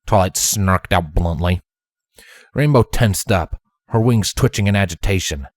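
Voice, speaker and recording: A man reading a story aloud in an expressive storybook narration style. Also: low voice, normal speed, no room sound, studio quality. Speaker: fanfiction reader.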